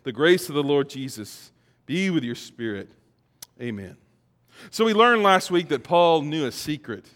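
A pastor giving a sermon in a conversational way that builds to emphatic peaks. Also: male voice, a little high, big pitch swings, a little slow, fairly bright tone, in a large hall.

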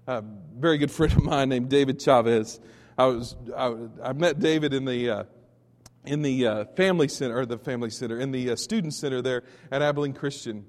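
A man from Texas preaching a sermon as pastor, telling stories with many restarts and sudden loud peaks. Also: medium pitch, normal speed, long reverb tail.

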